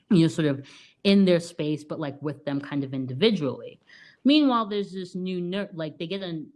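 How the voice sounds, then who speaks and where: Low-voiced woman co-host, casual and chatty, retelling a movie plot with lots of fillers. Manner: chatty, many "like" and "you know" fillers, laughs often. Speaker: podcast co-host. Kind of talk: casual film review.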